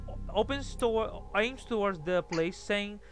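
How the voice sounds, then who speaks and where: High-voiced guy running a vampire tabletop game, music going under him. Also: a little slow. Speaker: game master. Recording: music in the background.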